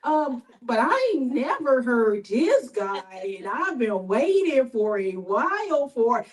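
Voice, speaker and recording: Open-mic emcee: woman, high voice, loose chatty patter full of fillers. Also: very animated, slow, poor audio. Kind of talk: casual emceeing.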